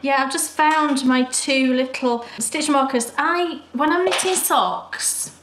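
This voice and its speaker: A British woman co-hosting a knitting podcast, chatting and gushing warmly over her projects. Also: high-pitched, slow, background noise. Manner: chatty and enthusiastic, gushing praise. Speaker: podcast co-host. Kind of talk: casual chat. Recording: roomy echo.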